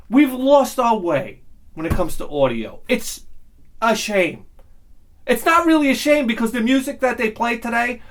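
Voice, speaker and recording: A man talking in a rambling, excitable monologue about music, swearing freely and swinging between loud bursts and low muttering. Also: moderate pace. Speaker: music and audio vlogger.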